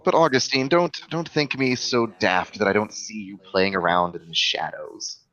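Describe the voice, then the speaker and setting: A man voicing Aiden, a formal, distrustful elder who speaks in measured, careful sentences. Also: on the low side, fairly bright tone, close to an everyday voice. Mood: guarded. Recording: dull lo-fi recording.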